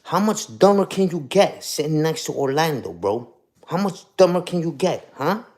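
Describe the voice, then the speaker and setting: A man's voice: fairly high pitch, lively intonation, normal speed, a little mellow. A young man ranting on a casual livestream, profane and combative, ending lines with "you heard?". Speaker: streamer.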